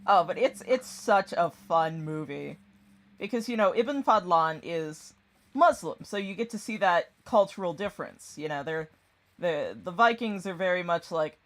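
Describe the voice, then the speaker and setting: A mid-pitched voice rambles through a story, loose and chatty, with plenty of fillers and casual swearing. The speaker laughs easily and slips into the characters' lines while retelling a book and its film. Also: normal speed. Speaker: channel creator.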